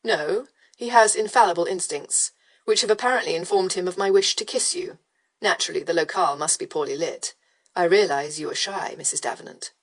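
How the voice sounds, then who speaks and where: A woman's voice: lowish voice, brisk. A woman doing a lazy, mocking aristocratic rake. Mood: teasing drawl. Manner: drawling, mocking, smoothly provocative. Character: arrogant, lazily teasing male aristocrat rake. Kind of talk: audiobook character voice.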